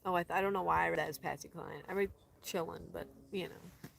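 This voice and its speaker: A woman's voice: on the low side, level tone, rapid-fire, gravelly, over loud music. A woman chatting casually to her live viewers outdoors, rambling and correcting herself as she goes. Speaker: vlogger answering live chat. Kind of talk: casual livestream chat. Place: outdoors in the desert.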